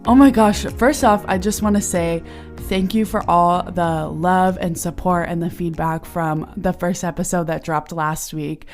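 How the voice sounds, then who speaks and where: A woman's voice: on the low side, a little slow, a little mellow, faint music behind. A young woman hosting her own podcast in casual, bubbly chat full of fillers and giggles, recorded in a small sauna. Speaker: podcast host. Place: small turned-off home sauna. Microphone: podcasting equipment while lying on her stomach.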